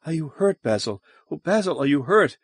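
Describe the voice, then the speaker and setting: A man's voice: fairly high pitch, big pitch swings, moderate pace, breathy edge, no echo, clean studio sound, pitched above the performer's own voice, full character voice. A man voicing Helena, a woman lover in an audiobook, speaking in a breathless, pleading and tearful way. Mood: anxious. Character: woman Helena, anxious then tender lover.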